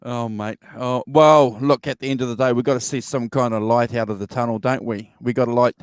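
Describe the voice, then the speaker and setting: A man's voice: mid-range voice, brisk, smooth, no echo, studio quality. A man hosting a casual livestream chat, joking and laughing often. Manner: jokey, animated, laughs often. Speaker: show host.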